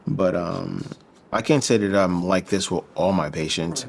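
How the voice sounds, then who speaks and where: A man's voice: low voice, a little slow, vocal fry, slight background noise. A man from the Midwestern United States, a physician assistant, talking casually and earnestly with lots of fillers. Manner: loose, filler-heavy, earnest. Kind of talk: casual conversation.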